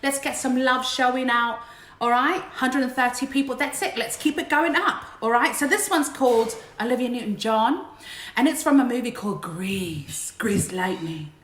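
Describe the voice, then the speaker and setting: Woman, high voice, chatty and joking, a little tipsy, home livestream in an echoey room. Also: normal speed, fairly bright tone. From Queensland, Australia. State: slightly tipsy. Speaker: livestream singer. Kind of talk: casual livestream chat. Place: her house, indoors. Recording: echoey room with backing music.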